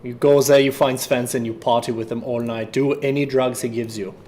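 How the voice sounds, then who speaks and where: A man's voice: mid-range voice, fairly even intonation, fairly quick, warm tone, slight background noise. A man livestreaming while he produces music, talking to himself and his chat in a loose, offhand way and swearing now and then. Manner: chatty running self-talk, swears offhand.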